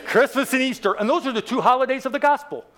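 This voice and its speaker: A man's voice: extremely high pitch, fast talker, fairly bright tone. A man in his sixties preaching an evangelistic sermon to a church congregation, joking and quizzing the crowd with rhetorical questions. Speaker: guest preacher.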